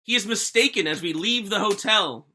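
A man voicing a young British man in a jokey, deliberately bad British accent, retelling a wild night in the first person. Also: sits high, pushed and bright, heavily acted. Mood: playful. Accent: bad put-on British. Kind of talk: comedic first-person plot recap.

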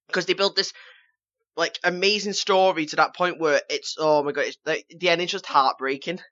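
Panelist, male, higher voice with a bright edge, eager and rambling, muffled mic. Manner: enthusiastic, rambling with fillers. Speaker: podcast panelist. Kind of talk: casual podcast chat.

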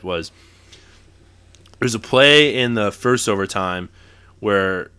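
A man's voice: on the low side, sharp tone, clear, resonant tone. A young man co-hosting a podcast, chatting casually about basketball in a rambling way, laughing and correcting himself as he goes. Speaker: podcast co-host. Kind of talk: casual sports chat.

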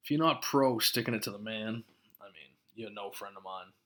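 A man's voice: on the low side, normal speed, fairly bright tone. A man hosting a podcast, ranting casually with lots of swearing and short laughs. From Massachusetts. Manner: profane, laughing, worked-up ranting. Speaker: podcast host.

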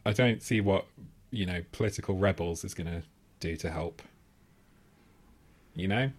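A man's voice: low-pitched, moderate pace. A man, a podcast co-host telling a rambling, self-mocking story full of swearing and laughter. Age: 30s. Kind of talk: casual comedic storytelling.

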